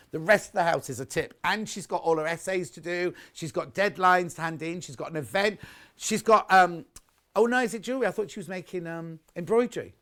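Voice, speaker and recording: A middle-aged British host does live selling chat on a shopping channel, reading viewer messages and gossiping with rambling asides between products. His pitch is fairly high and his tone a bit bright.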